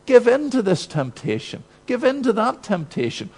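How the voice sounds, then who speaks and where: A male preacher voicing the devil as a smooth tempter who coaxes listeners toward sin. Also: extremely high pitch, big pitch swings, normal speed, a little mellow, pitched above the performer's own voice, exaggerated voice. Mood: coaxing. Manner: mocking, wheedling persuasion. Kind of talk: sermon with acted quotes.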